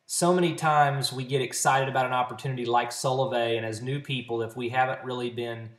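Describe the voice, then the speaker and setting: A man's voice: medium pitch, steady tone, a little fast. A man at home giving a casual, earnest talk to camera, coaching his sales network with practical tips. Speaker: network marketing trainer. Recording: roomy echo.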